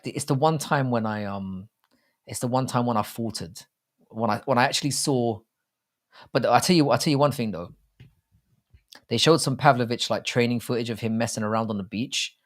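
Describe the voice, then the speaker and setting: A man hosting a casual live stream, talking in a rambling, jokey and crude way with many restarts. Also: medium pitch. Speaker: livestream host. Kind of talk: casual live-stream chat about fight betting.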